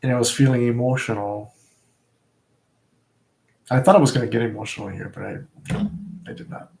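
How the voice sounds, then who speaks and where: A man's voice: medium pitch, fairly even intonation, gravelly, a little mellow. A man vlogging live in a casual, reflective way, often stopping and restarting his sentences. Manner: halting and reflective, with frequent restarts.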